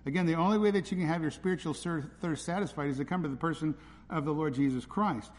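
Fast and barely pausing, a man with a fairly high voice delivers an urgent, pleading sermon to listeners in a church hall. Hall reverb and faint ambient noise are audible.

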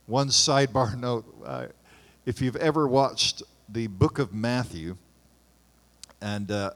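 A man, a pastor, reading scripture aloud and breaking off for relaxed, conversational asides in his sermon. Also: on the low side. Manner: conversational, pauses for informal asides. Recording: long hall reverb.

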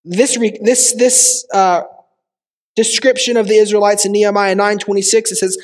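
A man's voice: high voice, fairly even intonation, normal speed. A man preaching a sermon to a small church, driving his points with repeated rhetorical questions. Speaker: pastor. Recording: long reverb of a church hall.

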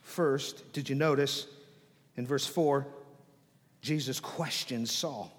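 A man preaching a sermon as pastor, dramatic, dropping to hushed whispers and swelling loud, often repeating words as he restarts phrases. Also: medium pitch, slow pace. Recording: long hall reverb.

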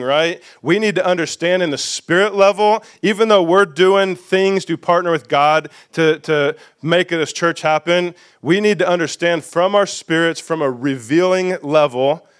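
A pastor preaches in a smooth, resonant voice that sits high for a man. He leans on repetition and keeps tossing questions out to his congregation. The setting is a church sanctuary. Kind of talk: sermon.

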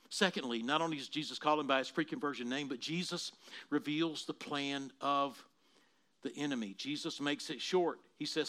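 A man preaching a sermon, swinging from quiet explaining to loud dramatic bursts as he acts out quoted voices. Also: mid-range voice, animated, normal speed. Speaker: pastor.

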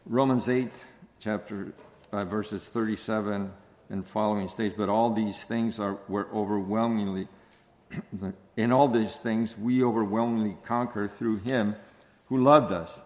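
A man with a somewhat low voice preaches a sermon at a slow, measured pace. He dwells on key phrases and repeats them for weight. His voice carries a long reverb, as if he were in a large church hall. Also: fairly even intonation, darkish tone. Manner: slow, deliberate preaching with stressed repetitions. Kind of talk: expository sermon.

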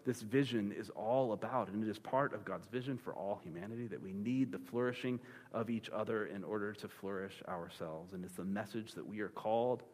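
A man preaching a sermon, retelling a scripture story in a lively, joking way with comic asides. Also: fairly low pitch. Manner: animated, playful storytelling with dad-joke humor. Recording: long reverb of a large hall.

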